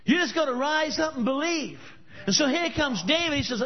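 Speaking a little fast in a very high-pitched, expressive voice, a man preaches a sermon at a church service. He leans on storytelling and pushes the crowd with emphatic rhetorical questions, all captured in a dull, lo-fi recording.

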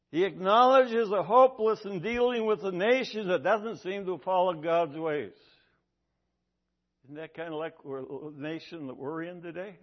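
A man with a high voice preaches an emphatic sermon, driving points home by repeating them. The recording is dull and lo-fi. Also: unhurried. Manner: emphatic, repeats key lines for effect. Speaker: pastor.

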